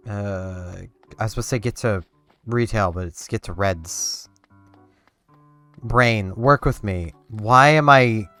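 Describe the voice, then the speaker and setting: A man's voice: on the low side, pushed and bright, clear, resonant tone. A man giving casual let's-play commentary, rambling and talking to himself and to the game as he plays. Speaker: gameplay commentator.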